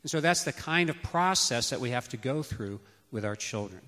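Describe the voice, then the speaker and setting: A man's voice: medium pitch, expressive, moderate pace. A man in his fifties giving a sermon on parenting, telling family stories and acting out how he called his children. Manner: storytelling, acts out calls to his children loudly. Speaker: preacher. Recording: long hall reverb.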